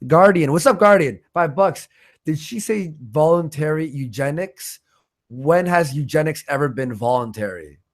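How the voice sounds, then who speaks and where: A man's voice: a little high, expressive. A man hosting a livestream, reading out viewer donations in a loose, profane, joking way. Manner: loose and profane, quick laughs. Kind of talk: casual livestream chat.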